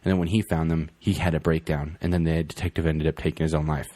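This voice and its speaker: A man's voice: rumbling low, little pitch movement, fast, warm tone, dry recording. A man in casual chat, telling a story and swearing now and then. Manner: storytelling, profane.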